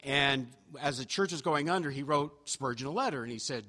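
A man's voice: medium pitch, brisk, pushed and bright. A man preaching a sermon in church, telling stories in a chatty, self-deprecating way with fillers and restarts. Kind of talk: sermon storytelling. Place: church sanctuary. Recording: reverberant church hall.

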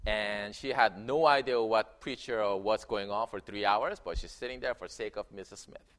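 A man preaching a sermon in a church, telling a story with animated swings between loud emphasis and quiet narration. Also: lowish voice, moderate pace. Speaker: pastor. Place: church sanctuary.

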